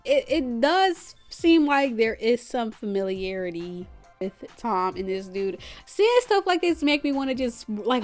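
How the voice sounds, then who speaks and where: A young woman casually recapping a TV show, animated and blunt, swearing freely as she retells scenes. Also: on the high side, unhurried, soft background music. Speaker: recap host.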